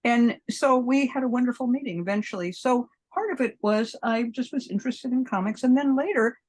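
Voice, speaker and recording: A fairly high-pitched, slightly mellow voice belongs to a woman in her seventies who talks a little fast. In a podcast interview she tells long, meandering stories, acts out the people she describes, and laughs often.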